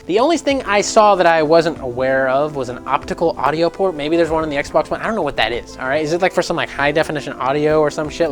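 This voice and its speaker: Animated, sarcastic gaming vlogger man. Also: a little high. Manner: animated and sarcastic, swears freely, mocks others in put-on voices. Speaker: gaming news channel host. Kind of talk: casual gaming news commentary.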